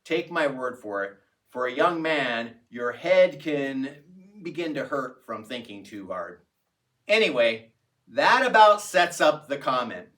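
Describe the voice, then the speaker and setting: A man narrating a personal anecdote in a reflective, unhurried storytelling manner. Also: mid-range voice, sing-song, pushed and bright, recorded from a distance. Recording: voice set back from the mic.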